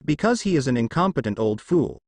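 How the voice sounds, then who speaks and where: A man voicing a cold, arrogant young male ninja clan head in a fan story reading, with a flat, mocking delivery. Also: medium pitch, fairly quick, no room sound.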